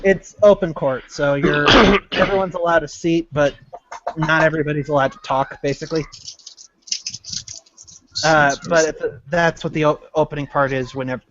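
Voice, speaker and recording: A man narrating as game master in a casual, halting way, on a slightly muffled recording. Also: fairly high pitch, fairly even intonation, noisy background. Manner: halting, casual, full of fillers.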